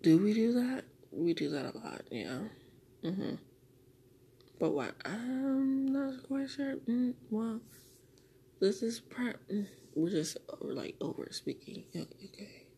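A woman rambles through a solo podcast, firing questions at herself and answering them with plenty of swearing. Her voice sits a little high and swings widely in pitch as she argues back and forth. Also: very animated, slow pace, vocal fry, dark tone, husky.

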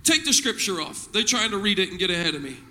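A male pastor preaching a sermon in church, using call-and-response and rising to shouts. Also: sits high, big pitch swings, fast talker, slight background noise.

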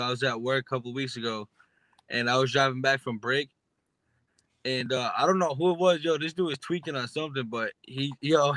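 A man's voice: medium pitch, bright, forceful tone, no room sound. A young man guesting on a podcast, telling slangy stories in casual chat and laughing a lot.

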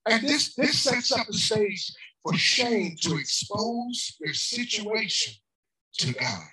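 A woman's voice: on the high side, big pitch swings, takes it slowly, far from the mic, poor audio. Impassioned woman preaching outdoors. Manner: impassioned, shouting emphatic lines, calling out to the crowd. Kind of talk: outdoor sermon. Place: outdoors in a park.

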